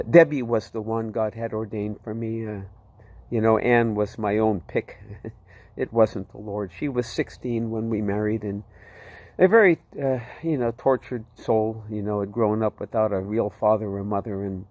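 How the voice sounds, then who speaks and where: A man's voice: mid-range voice, a little mellow. A man giving a heartfelt personal faith testimony, rambling with many fillers as he tells his story. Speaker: testimony speaker.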